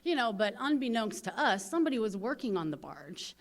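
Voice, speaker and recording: A woman's voice: on the high side, brisk. Candid St. woman telling her story. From St. Louis, USA. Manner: candid, animated storytelling with frequent "you know". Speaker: recovery convention speaker. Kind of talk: personal recovery testimony.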